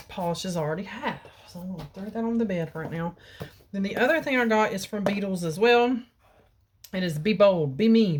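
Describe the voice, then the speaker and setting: A middle-aged woman with a slightly low voice talks through her nail supply haul in a relaxed, chatty way. She sits at home with the camera mic picking her up, pausing to peer at colors. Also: a little hiss or hum. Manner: chatty, baby-talks her cat in a high cooing voice. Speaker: beauty vlogger. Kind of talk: casual product haul chat. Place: home bedroom.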